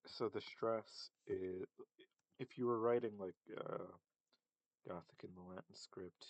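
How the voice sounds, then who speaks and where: Male tutor, deep voice, slow and halting delivery with lots of ums. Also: steady tone, no echo. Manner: hesitant, many fillers and self-corrections. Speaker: language teacher. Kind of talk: casual linguistics lesson.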